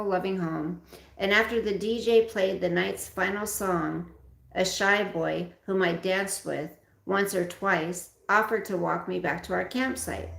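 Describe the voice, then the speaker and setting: A woman reads a memoir aloud to her stream viewers, expressive and direct. Her voice is mid-pitched with a gravelly fry. The room around her is echoey. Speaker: livestream host reading a memoir aloud. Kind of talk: reading a memoir aloud with casual asides.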